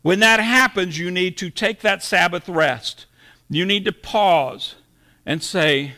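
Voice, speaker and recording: A man's voice: high voice, takes it slowly, sharp tone. A middle-aged man preaching a sermon, folksy and storytelling, acting out quotes as he goes. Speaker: pastor.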